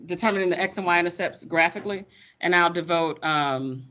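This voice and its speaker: A woman teaching math in a classroom, lively and folksy, teasing her students as she explains. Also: lowish voice. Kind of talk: classroom lecture.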